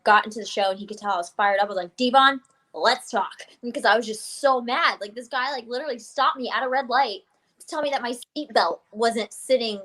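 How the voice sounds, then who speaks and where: A young adult woman chatting as a guest, telling an animated story full of "I was like" and laughs. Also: medium pitch. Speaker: guest wrestler. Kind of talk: casual chat, storytelling.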